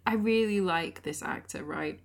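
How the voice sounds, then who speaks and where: A woman's voice: lowish voice, measured pace, gravelly. Easygoing woman, casual film chat, laughs a lot. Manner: laid-back, agreeable, laughs often. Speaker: podcast co-host.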